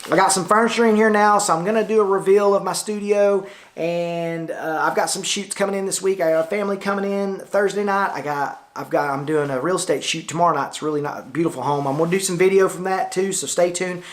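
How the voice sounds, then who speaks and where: A man's voice: sits high, steady tone, quick pace. Folksy middle-aged Tennessee man. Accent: Tennessee Southern. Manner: folksy, chatty, loose with many fillers. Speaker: photographer vlogger. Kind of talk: casual rambling vlog talk. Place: lounge area of his studio, indoors. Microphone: camera-mounted shotgun mic.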